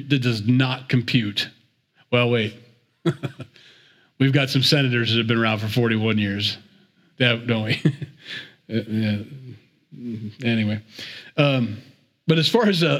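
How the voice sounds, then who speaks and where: A man's voice: medium pitch, a bit bright. Chatty man teaching the Bible. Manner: chatty and digressive, with repeats and chuckles.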